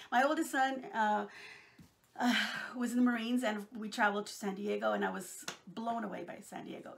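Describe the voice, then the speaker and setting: Middle-aged Texan woman, crafting vlogger; chatty, affectionate, fry in the voice. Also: fairly high pitch, fairly bright tone. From Texas, USA. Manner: chatty and affectionate, rambling with many fillers. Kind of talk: casual chat to viewers.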